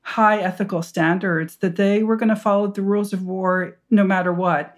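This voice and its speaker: Woman, historian, interview guest, animated storytelling, restarts and fillers. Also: medium pitch, brisk, hardly any pauses. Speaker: historian and author.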